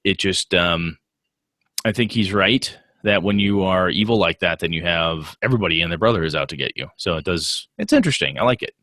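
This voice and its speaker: A man's voice: sits low, expressive, fairly quick, pushed and bright, dry recording, clean studio sound. A man co-hosting a gaming podcast in casual chat, teasing his partner and laughing often. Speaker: podcast co-host.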